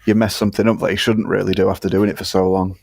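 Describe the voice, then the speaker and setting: A man with a Northern English accent and a lowish voice, talking bluntly on a podcast and swearing as he rants. He often slips into mocking quoted voices. The sound is dry and close, with no room echo. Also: flat delivery, racing, vocal fry, a little mellow. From North England. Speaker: guest. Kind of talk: casual podcast chat.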